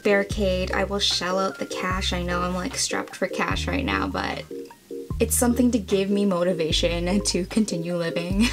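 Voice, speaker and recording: A young woman narrating live at her computer at home, anxious and excitable, counting aloud and swearing. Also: mid-range voice. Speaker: vlogger. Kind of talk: casual live commentary.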